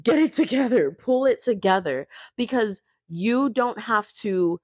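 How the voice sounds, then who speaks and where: A young woman casually recapping reality TV and ranting, chatty and animated, peppering her talk with "like" and "babes". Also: on the high side, unhurried, husky, no room sound. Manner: chatty, heavy use of "like" and "babes", animated retelling. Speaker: reality TV commentator.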